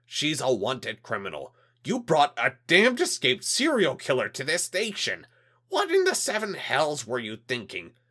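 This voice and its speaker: A man's voice: wildly swooping pitch, unhurried, slightly rough, exaggerated voice. A man voicing a cold, threatening insectoid alien official in a read-aloud story. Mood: menacing. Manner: clipped, menacing, louder and higher.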